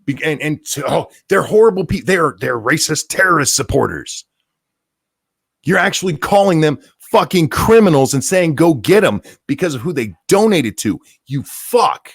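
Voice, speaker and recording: Heated, animated male ranter. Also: on the high side, moderate pace, gravelly, breathy edge, no echo, clean studio sound. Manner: profane, heated, mocking outbursts. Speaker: host. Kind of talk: angry political rant.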